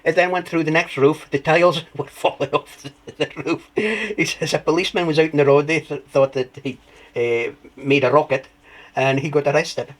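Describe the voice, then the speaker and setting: A man telling his story as an interview guest, rambling through anecdotes with restarts and lively retellings. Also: fairly high pitch, moderate pace, poor audio. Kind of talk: conversational storytelling.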